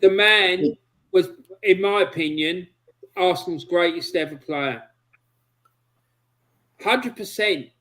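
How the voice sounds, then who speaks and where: A man's voice: high voice, slow, long pauses, fairly bright tone, poor audio. A man hosting a football chat, speaking passionately and indignantly about his club. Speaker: show host. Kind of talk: opinionated chat.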